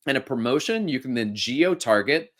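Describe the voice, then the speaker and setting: A man's voice: medium pitch, lively intonation, normal speed, a bit bright. A middle-aged man hosting a podcast, giving casual, upbeat coaching advice with a joking streak. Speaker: podcast host and fitness instructor.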